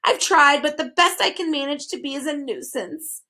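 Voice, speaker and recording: A woman's voice: moderate pace, bright, forceful tone. A woman reading a storybook aloud, voicing a haughty, contrary male bird who snatches words. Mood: cackling, mournful. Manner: shrill, gleefully contrary.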